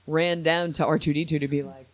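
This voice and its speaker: A man hosting a podcast in casual chat, opinionated and animated, quick to laugh. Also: fairly high pitch, noisy background. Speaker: podcast host.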